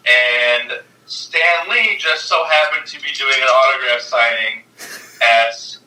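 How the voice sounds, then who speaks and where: A man in casual podcast chat, retelling a movie scene with lively energy and acting out the quotes. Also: slow. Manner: animated storyteller, acts out quotes in a high voice. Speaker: podcast guest. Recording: roomy, distant mic.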